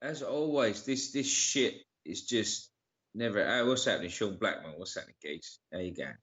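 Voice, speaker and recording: A sweary man chats on a casual live stream and shouts out viewers by name. His voice sits fairly low. The audio is dull and lo-fi. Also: expressive, normal speed. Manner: sweary, greets viewers by name, uses slang like geezer and bruv. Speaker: livestream co-host.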